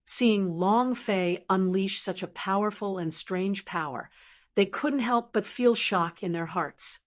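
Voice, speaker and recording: A woman reading a fantasy web novel aloud as an audiobook narrator, in an even, unhurried storytelling manner. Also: mid-range voice.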